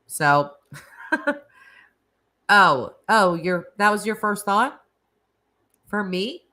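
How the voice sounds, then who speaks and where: A woman's voice: mid-range voice, very animated, very slow, sharp tone. A woman with a Northeastern American accent, hosting a casual live-stream chat and reading out viewers' comments, talking in a chatty, rambling way full of "like" and laughter. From Northeastern United States.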